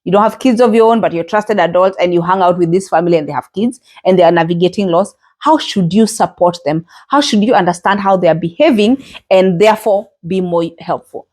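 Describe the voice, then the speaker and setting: A middle-aged woman hosting a podcast, talking reflectively and earnestly in a gentle way, with frequent fillers and restarts. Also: on the low side, fairly quick, few pauses. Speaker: podcast host. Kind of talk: reflective solo podcast talk.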